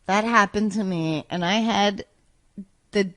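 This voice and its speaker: A woman chatting as a podcast guest, pitched right in the ordinary middle. She rambles through a story, stops herself mid-phrase and picks the thread back up, getting lively as she retells it. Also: a little slow. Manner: rambling, self-interrupting, animated when retelling. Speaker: podcast guest, former sketch comedy cast member. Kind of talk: casual anecdote telling.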